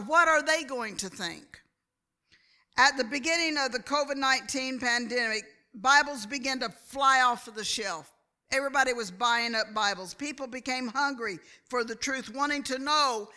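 A woman preaching a sermon in a slow, deliberate way, often calling for an amen from the listeners. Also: sits high, pushed and bright. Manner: slow, deliberate delivery, calls for amens. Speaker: church speaker.

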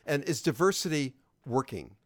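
A man co-hosting a podcast who asks measured, questioning prompts in a casual discussion. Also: a little high, big pitch swings, no echo. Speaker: podcast co-host.

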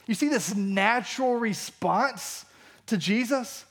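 A man's voice: high voice, slow pace. A male pastor preaching a sermon in a church, acting out the disciples' lines as he goes. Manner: animated, acts out the disciples' lines.

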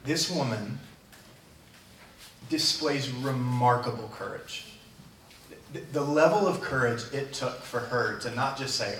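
A man's voice: mid-range voice, measured pace, pauses often, fairly bright tone, roomy sound, distant mic, slight background noise, rough recording. A man preaching a sermon as a pastor in a church, earnest and conversational, talking plainly to his congregation. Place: church sanctuary.

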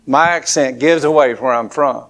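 A man's voice: mid-range voice, normal speed, a bit bright. A man from southern Alabama with a Southern accent, preaching a conversational sermon with folksy asides. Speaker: pastor.

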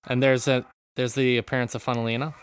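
A man's voice: medium pitch, level tone, quick pace, clean tone. A man co-hosting a podcast in casual chat, talking at length and often apologising. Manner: apologetic, chatty, explaining at length. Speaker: podcast host. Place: home room in a city with street protests outside. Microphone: remote call, mutes mic.

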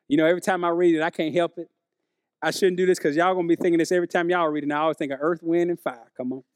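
A man's voice: fairly high pitch, racing, clean tone, no echo, studio quality. A man, preaching a conversational sermon to his congregation. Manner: conversational preaching, animated, addresses congregation as y'all. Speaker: pastor.

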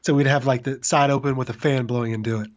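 A man's voice: medium pitch, fairly even intonation, fast talker, muffled recording. A man co-hosting a podcast remotely, chatting casually with a teasing, rambling manner. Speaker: podcast co-host. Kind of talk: casual tech chat.

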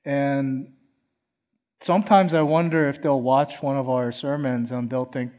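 A man's voice: mid-range voice, steady tone, unhurried, darkish tone. A man from Philadelphia preaching a sermon in church, earnest and conversational, often acting out quoted voices. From Philadelphia, USA. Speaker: pastor.

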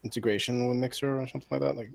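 A man chats on a gaming podcast, hesitant and full of fillers. His voice is gravelly at an everyday pitch, and it is recorded dry and close. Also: fairly even intonation, very fast, a little mellow, no echo.

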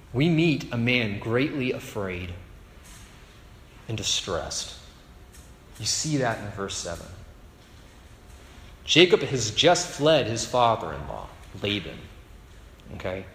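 A man preaching a sermon in a casual storytelling way, checking in with the room through quick asides. His voice carries the long ringing echo of a large church hall. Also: medium pitch, fairly bright tone. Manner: storytelling, conversational with rhetorical asides. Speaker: pastor. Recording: echoey hall reverb.

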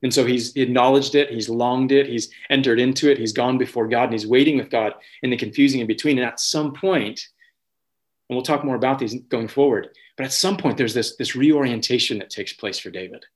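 Male pastor, mid-range voice, earnest sermon delivery with frequent restarts and prayerful lifts. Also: medium pitch. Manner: earnest, halting restarts, rises when voicing prayer.

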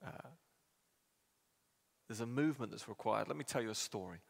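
A man preaching a sermon in a measured way, moving into telling a story. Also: on the low side, vocal fry. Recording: long reverb of a church hall.

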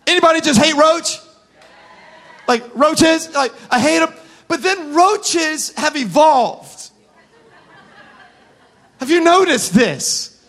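A man, animated and self-mocking as he acts out funny stories. He breaks into shouts and laughs while addressing a live congregation in a church auditorium. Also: extremely high pitch, slow, pauses often. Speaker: pastor. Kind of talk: humorous sermon storytelling.

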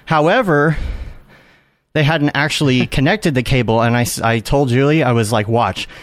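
A man's voice: mid-range voice, moderate pace, no room sound. Breathless male podcast host. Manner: animated storyteller. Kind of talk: casual podcast chat.

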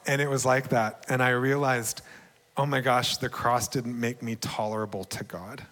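Earnest young male preacher, warm testimony with frequent light laughs, long hall reverb. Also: mid-range voice, normal speed. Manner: earnest, laughs often, bursts into excited shouting. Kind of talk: sermon testimony.

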